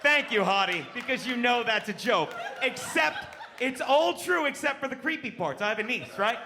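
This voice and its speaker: High-voiced brash male stand-up comic. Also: expressive, normal speed, background noise. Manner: brash, punchy, crowd-baiting with "right?". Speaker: stand-up comedian. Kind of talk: stand-up comedy. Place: comedy club stage.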